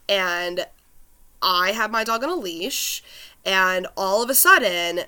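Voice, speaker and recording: Woman, bright tone, casual chat, personal story, chatty, frequent "like" fillers. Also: lowish voice. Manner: chatty, lots of "like" fillers, animated retelling.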